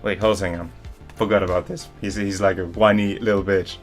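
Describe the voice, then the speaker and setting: A man's voice: low-pitched, fairly even intonation, brisk, faint music behind. A man reading a story aloud and mocking it, exasperated, laughing and swearing. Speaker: channel host. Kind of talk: comedic dramatic reading and commentary.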